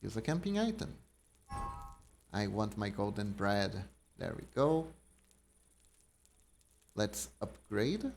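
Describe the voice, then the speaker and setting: A man's voice: fairly low pitch, big pitch swings, slow, pauses often, a little mellow, a little hiss or hum. A man live-streaming a card game, reading card text aloud and chatting casually with his viewers. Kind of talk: casual live-stream chat while gaming.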